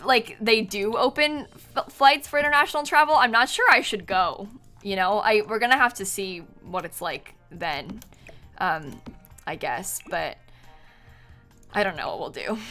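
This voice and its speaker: Bright-voiced young woman streamer. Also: medium pitch, lively intonation, normal speed. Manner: chatty and giggly, reading out chat thanks. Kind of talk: casual live-stream chat while gaming. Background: faint music.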